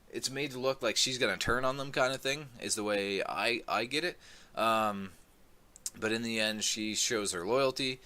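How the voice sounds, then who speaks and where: A man casually recapping a comic book volume, rambling and filling gaps with "um" as he gets excited about the story. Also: on the low side, clean tone. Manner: rambling, many "um"s, excitable retelling. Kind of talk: casual plot recap review.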